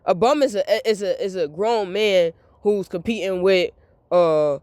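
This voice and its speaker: A woman's voice: mid-range voice, measured pace, a little mellow, dry recording. Young woman vlogger, candid venting monologue, emphatic and repetitive, dry close sound. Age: young adult.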